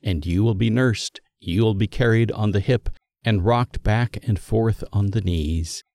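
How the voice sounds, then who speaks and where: A man with a fairly low voice reads scripture aloud in a measured, solemn way. He lifts his delivery for quoted speech, and the sound is close and dry with no room echo. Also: darkish tone. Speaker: scripture reader. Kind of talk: scripted liturgical Bible reading.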